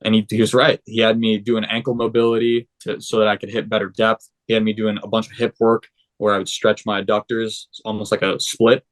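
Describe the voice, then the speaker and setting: Speaking briskly in a fairly low voice, a young podcast guest tells his story in a casual way. He gets animated and performs the quoted lines of the people involved.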